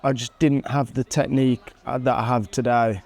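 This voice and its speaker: A man in his thirties, an MMA fighter, casually commentating on his own old fight footage with animated excitement and frequent chuckles. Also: medium pitch, normal speed. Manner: animated, chuckles at himself, bursts of excitement at big moments. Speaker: MMA fighter and channel host.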